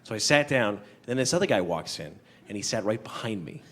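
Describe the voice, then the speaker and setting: A man doing a stand-up comedy set on a theater stage, telling rambling deadpan stories and jumping into high, loud voices for the people in them. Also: a little fast. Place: large theater stage before a live audience. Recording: noisy live theater recording with crowd. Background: audience laughter.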